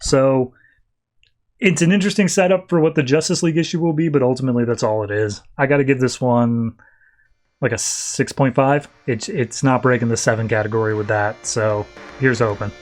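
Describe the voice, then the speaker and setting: A man hosting a podcast who recaps comic issues in a casual, chatty way. His voice sits at a middle pitch for a man, and he keeps dropping "like" as he goes. He talks in a relaxed, off-the-cuff manner. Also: brisk, faint music behind. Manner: loose and chatty, frequent "like". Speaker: podcast host.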